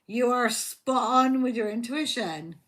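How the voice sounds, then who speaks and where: A woman's voice: fairly high pitch, measured pace, a bit bright. A woman hosting a live tarot stream, chatting casually and rambling, repeating herself and talking to her viewers. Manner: talks to viewers by name, affectionate.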